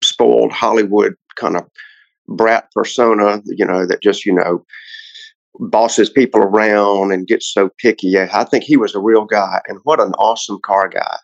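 A man's voice: lowish voice, fairly even intonation, normal speed, creaky, no echo, lo-fi sound. A man, a car collector guest on a podcast, telling a long story in a casual, rambling way with many restarts.

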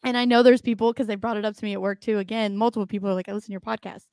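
A woman's voice: mid-range voice, fairly even intonation, racing, darkish tone, smooth, no echo, studio quality. A young adult woman co-hosting a podcast in casual, blunt, profane chat, laughing often. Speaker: podcast co-host.

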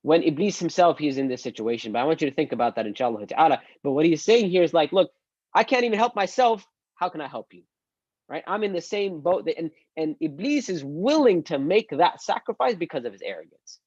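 A male Islamic teacher giving an online religious lesson, animated and acting out quoted speech. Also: fairly high pitch, quick pace, hardly any pauses, no room sound, highs cut off.

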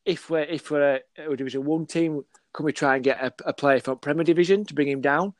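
A chatty man tells football stories on a podcast, slipping into other people's voices as he goes. His voice sits a little high for a man and sounds close and dry, with no room around it. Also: brisk, dry recording. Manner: animated storyteller, acts out dialogue, laughs often. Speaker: football scout, podcast guest. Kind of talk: casual podcast chat.

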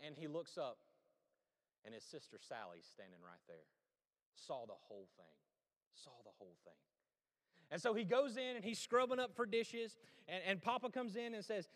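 A man preaching a sermon in a folksy, conversational way, swinging between loud and hushed delivery. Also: high voice, animated, moderate pace. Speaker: pastor. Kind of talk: sermon with storytelling. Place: church sanctuary. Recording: long church hall reverb.

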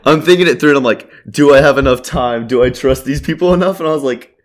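A young man spins a rambling anecdote in relaxed podcast chat. His voice sits at an ordinary pitch. He swears freely, leans on "like" constantly and keeps laughing through the story. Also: quick pace. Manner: rambling, profane, many "like" fillers. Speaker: podcast host telling a story.

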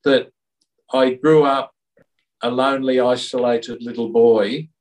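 A man giving an interview in an earnest, reflective tone, often restarting his sentences. His pitch is mid-range. The recording catches him from a little distance. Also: fairly even intonation, measured pace. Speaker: interview guest. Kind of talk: reflective conversational storytelling.

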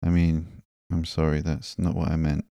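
A man's voice: extremely low pitch, completely flat delivery, moderate pace, dark tone, smooth, dry recording, highs cut off. A man reading as a guilty young ex-henchman. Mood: earnest, guilty. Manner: earnest, hesitant.

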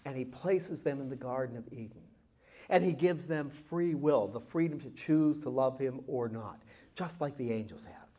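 A man teaching a Bible class lesson, telling the story expressively and slowing down to act out quoted lines. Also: mid-range voice, dark tone, husky. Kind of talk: Bible class lesson with acted scripture reading.

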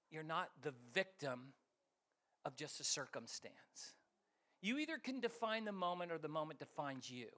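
A middle-aged man preaching a sermon as guest speaker, telling stories with lively acted-out voices and sudden shifts between loud and soft. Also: on the high side. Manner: animated, acts out voices, jumps between loud and quiet. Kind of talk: sermon with storytelling.

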